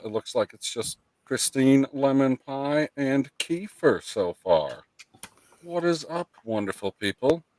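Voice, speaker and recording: A man's voice: medium pitch, dry recording, rough recording. A man hosting a casual live stream, teasing his co-host, swearing and reading chat messages aloud. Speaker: livestream host.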